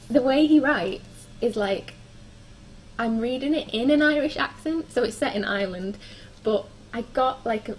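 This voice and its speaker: A woman's voice: on the high side, a little hiss or hum, poor audio. A young woman chatting casually through her book reviews, with frequent ums and likes. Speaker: book vlogger.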